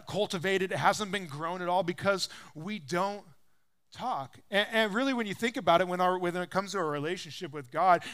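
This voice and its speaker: A man in his thirties, a pastor giving a casual, conversational sermon, animated and acting out quotes as he tells stories. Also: clear, resonant tone. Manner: animated storyteller, acts out quotes with rising pitch and volume.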